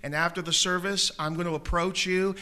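A man pastor preaching a sermon in a church auditorium, telling a story with gentle humor and then gently pleading with listeners to raise their hands for prayer. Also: high-pitched, flat delivery, brisk.

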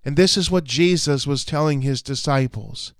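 A male preacher giving a sermon in an earnest, measured way, appealing to his listeners. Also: mid-range voice, smooth, dry recording, studio quality. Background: faint music.

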